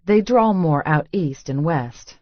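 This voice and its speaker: A woman narrating a first-person romance audiobook with a wry, expressive inner monologue. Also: low-pitched, takes it slowly, dry recording, highs cut off.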